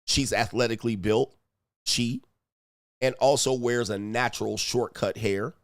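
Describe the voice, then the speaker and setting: A man hosting a casual reaction commentary, animated and profane, with laughing asides. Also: medium pitch, unhurried, dry recording, clean studio sound. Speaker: commentary channel host.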